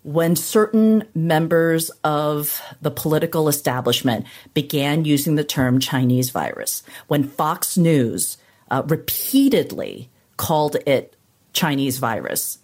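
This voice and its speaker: A woman news correspondent in an interview, talking in a thoughtful, hesitant way with pauses and fillers. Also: low-pitched, a little mellow. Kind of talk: interview, recounting.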